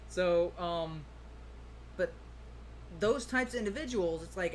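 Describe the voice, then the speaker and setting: A man's voice: sits high, slow, pauses often, a little hiss or hum. A man co-hosting a casual talk stream, rambling and acting out quoted voices as he goes. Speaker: podcast co-host. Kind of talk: casual opinion chat.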